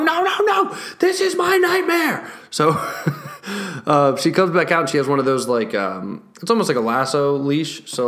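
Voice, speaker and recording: Young guy telling a story on his vlog, swears a ton, gets animated. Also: medium pitch. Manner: animated, swears heavily, laughs between lines. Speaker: vlogger. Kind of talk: casual storytelling.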